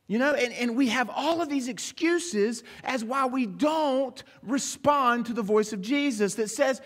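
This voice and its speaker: A man preaching a sermon as pastor, animated, acting out short snatches of dialogue as he goes. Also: very high-pitched, unhurried, hardly any pauses. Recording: long reverb of a large hall.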